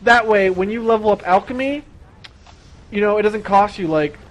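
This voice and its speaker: A young man with a high-pitched voice rants through a gaming stream. He talks in an excitable, profane rush and keeps building himself up. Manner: profane, excitable, fast rant. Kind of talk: ranting gaming stream chat.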